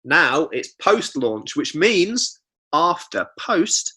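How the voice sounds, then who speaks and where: Bright-voiced man, jokey podcast host. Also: a little high, big pitch swings, very slow, breathy edge. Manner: jokey, reads reviews aloud with asides. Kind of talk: casual comedic chat.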